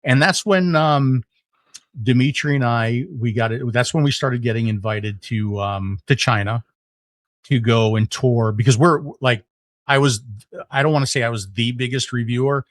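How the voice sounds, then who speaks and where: A middle-aged man, a podcast guest, telling a story in casual conversation, animated, with lots of fillers and restarts. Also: medium pitch, moderate pace, no room sound.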